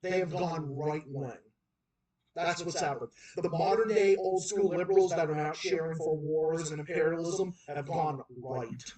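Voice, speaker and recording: A man's voice: a little high, unhurried, a little mellow. A man with a Boston accent hosting a livestream and ranting heatedly about politics, repeating himself and restarting sentences. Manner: heated, repetitive, emphatic ranting with many restarts. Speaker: livestream host. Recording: roomy echo, far from the mic.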